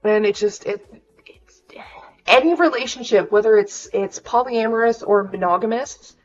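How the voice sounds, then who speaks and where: A woman's voice: a little high, normal speed, muffled recording, faint music behind. A young woman, venting frankly and swearing freely on a casual livestream. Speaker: streamer.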